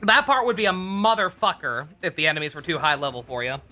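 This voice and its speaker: Casual game streamer, mid-pitched and bright, rambling commentary with swearing and laughter. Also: big pitch swings, fast, soft background music. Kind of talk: casual let's play commentary.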